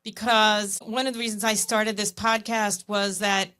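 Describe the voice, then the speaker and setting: A woman's voice: mid-range voice, level tone, a little slow, bright, forceful tone, smooth. A woman hosting a podcast interview, chatting and affirming her guests as she asks questions. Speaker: podcast host. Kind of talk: conversational interview.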